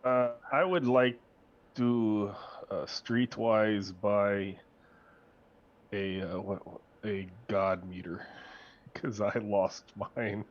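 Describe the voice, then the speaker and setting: Slow, hesitant low-voiced man. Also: steady tone, lo-fi sound. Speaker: player.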